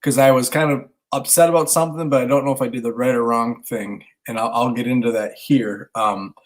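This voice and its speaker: Brief: man in his thirties, animated storyteller, casual swearing, acts out the dialogue. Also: medium pitch, brisk. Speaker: podcast co-host, stay-at-home dad.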